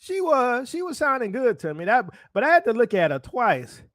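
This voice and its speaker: A man's voice: extremely high pitch, sing-song, normal speed, fairly bright tone, dry recording, studio quality. A man preaching in a casual sermon style, hammering points with repeated phrases and rhetorical questions. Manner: emphatic, repetitive rhetorical questions. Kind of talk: street-style sermon commentary.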